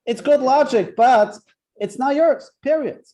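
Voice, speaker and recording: High, mellow male teacher, chatty and joking, always checking "right?". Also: unhurried. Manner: chatty, keeps asking "right?", tells jokes. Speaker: Torah class teacher. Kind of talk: interactive classroom lesson.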